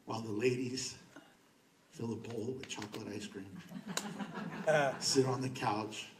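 A man's voice: mid-range voice, level tone, unhurried, long pauses, background noise. A male pastor preaching a sermon in a conversational, emphatic way, repeating words for stress. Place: church sanctuary. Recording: echoey church from a distance.

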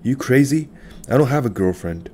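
A man's voice: medium pitch, lively intonation, moderate pace, mellow, a little hiss or hum, pitched above the performer's own voice, natural voice. A man voicing an exasperated adult son who is brusque and defensive, in an audiobook. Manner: impatient, defensive.

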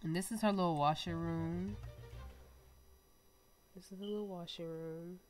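A young woman hosting her own gaming channel, chatting excitably to viewers over gameplay while her nose is stuffy. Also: on the low side, a little slow, soft background music. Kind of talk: casual gameplay commentary.

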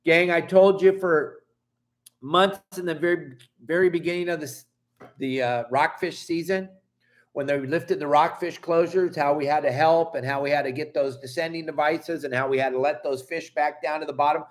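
A middle-aged man from Southern California who runs a fishing channel is upset, ranting angrily and emphatically in a vlog, with swearing followed by apologies. His voice is a little high and steady, at normal speed.

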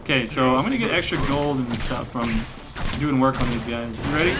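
A man's voice: mid-range voice, fairly quick, heavy background noise. A man giving rambling, joking let's play commentary, breaking into mock rage and laughter. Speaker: gaming commentator. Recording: game music playing behind.

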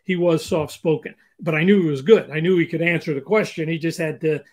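An older man answers interview questions with practical advice. He is animated and acts out little bits of example dialogue. His voice sits slightly higher than most men's. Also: fairly quick. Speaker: interview guest, hiring consultant.

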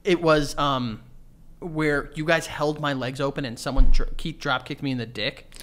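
A man's voice: on the high side, fairly even intonation, moderate pace, fairly bright tone. A young man co-hosting a podcast, telling stories with an old friend. His talk is loose and full of swearing and laughter. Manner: loose, profane banter with frequent laughter. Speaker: podcast co-host. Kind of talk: casual chat.

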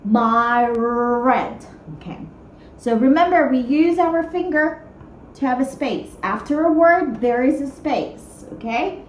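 A woman teaching young children to write, talking slowly and patiently in a sing-song teacher voice and stretching words out. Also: high-pitched, echoey room, slight background noise, poor audio. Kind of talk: guided writing lesson for young children.

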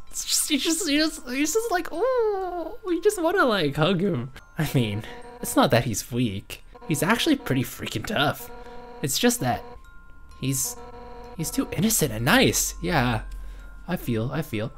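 A woman voicing a brash, hot-headed fish warrior woman who heads the guard, in a loud, boisterous manner. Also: low-pitched. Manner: loud, boisterous, bursts of shouting. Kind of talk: reading game dialogue aloud in a let's play.

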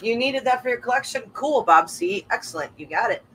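A woman's voice: fairly high pitch, animated, fairly quick, a bit bright, slight background noise, low-quality recording. A woman calling a live online coin auction, chatting and laughing between bids. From American South. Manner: chatty, laughs often, sings made-up bits.

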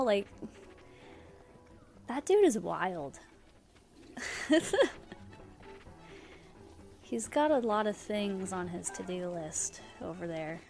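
A woman's voice: mid-range voice, a little mellow. A young woman streaming a video game, chatting casually with her viewers, giggling often and using lots of fillers. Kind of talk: casual gameplay livestream chat.

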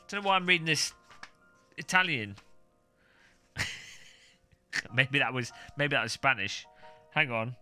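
A man's voice: medium pitch, expressive, moderate pace, pauses often, sharp tone, soft background music. A man streaming a casual unboxing, rambling and joking as he reads out foreign words in silly voices. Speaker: tech streamer.

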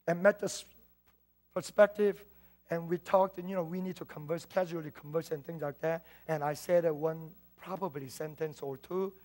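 Man, southern Korean accent, higher-pitched voice, earnest sermon storytelling, loud to hushed. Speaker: pastor.

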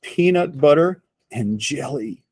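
A man voicing a gentle, hungry male zombie in a storybook, moaning his words slowly. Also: medium pitch, lively intonation, husky. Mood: moaning, longing. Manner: slow, moaning delivery.

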